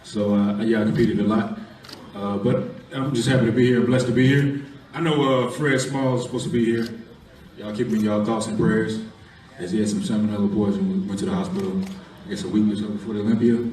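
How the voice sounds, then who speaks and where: A man's voice: on the low side, steady tone, fast talker, a little mellow, a little hiss or hum. A man, a bodybuilding competitor, answering press questions in an easygoing, modest way. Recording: echoey room recorded from far off.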